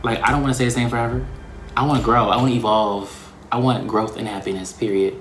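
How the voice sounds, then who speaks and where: A man hosting his own vlog, talking in a casual, reflective way, slangy and expressive. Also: mid-range voice, fast, echoey room, a little hiss or hum. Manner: slangy and expressive, breaking into laughs. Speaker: vlog host.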